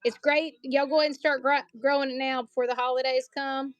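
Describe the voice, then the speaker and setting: A woman's voice: high voice, little pitch movement, fairly quick, dull audio. A woman selling collectible banknotes on a live stream, chatty and joking, calling her viewers y'all.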